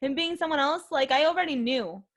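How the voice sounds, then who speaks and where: A young woman hosts a podcast, her voice high, a little fast and fairly bright. She reviews a movie in casual, rambling chat that's emotional and heavy with fillers.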